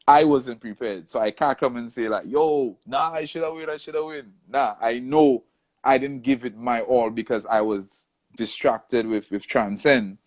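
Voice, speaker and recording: A man recounts a story in a relaxed interview. His pitch sits in an ordinary middle range. He tells it with lively energy and acts out the people he quotes. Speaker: soca artist, interview guest.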